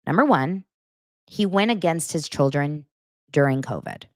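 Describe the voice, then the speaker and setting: A woman's voice: sits low, animated, a little slow, a little mellow, no echo, studio quality. A woman hosting a pop-culture commentary show, ranting in a blunt, sarcastic, exasperated way. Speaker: host.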